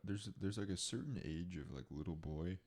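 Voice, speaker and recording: A man's voice: low-pitched, normal speed, a little mellow. A man co-hosting a podcast, chatting casually in a laid-back way, asking lots of questions and leaning on filler words. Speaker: podcast co-host. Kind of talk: casual chat.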